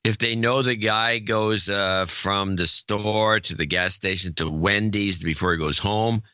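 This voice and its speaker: A man's voice: fairly low pitch, steady tone, measured pace, few pauses, bright, forceful tone, clean tone, no room sound. A man from California, co-hosting a podcast, telling a long rambling story with wry asides. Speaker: podcast co-host. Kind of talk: casual chat.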